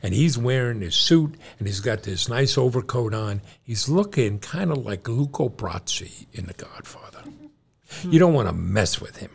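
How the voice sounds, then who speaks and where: A man's voice: medium pitch, normal speed, vocal fry, slightly rough. A middle-aged man, co-host of a podcast, telling his son a long family story and acting out the people in it. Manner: animated storyteller, acts out quoted doctors. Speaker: podcast co-host, John's father.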